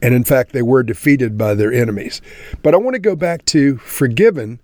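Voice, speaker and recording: A man's voice: mid-range voice, expressive, a little fast, a little mellow, no echo. Guy teaching a bible chapter, earnest, calls everyone friends, dry close sound. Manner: earnest, addresses listeners as friends. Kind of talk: devotional Bible teaching ending in prayer.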